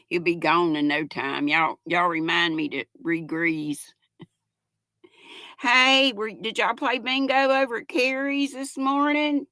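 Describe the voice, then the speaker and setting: A woman's voice: medium pitch, takes it slowly, bright, forceful tone, dry recording. Older woman, casual livestream host with a folksy manner and a dry, close sound. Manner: chatty, giggly, folksy, talks to viewers as "y'all". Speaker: livestream host reading chat. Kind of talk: casual chat. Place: at home.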